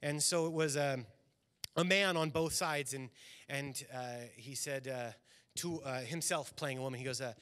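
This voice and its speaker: A man's voice: medium pitch, moderate pace, fairly bright tone. A man preaching a sermon as pastor in a church, earnest and building emphasis on key lines. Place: church sanctuary.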